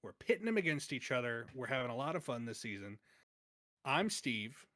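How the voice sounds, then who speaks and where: A man's voice: medium pitch, big pitch swings, moderate pace, pushed and bright, a little hiss or hum. A man hosting a movie podcast in casual, jokey chat, laughing often. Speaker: podcast host and judge.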